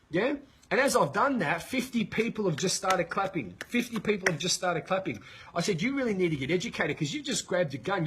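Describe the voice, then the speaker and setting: A man with an Australian accent, a leadership coach telling a story in a live webinar, energetic and swearing as he retells it. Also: high voice, fairly quick, slightly rough, poor audio.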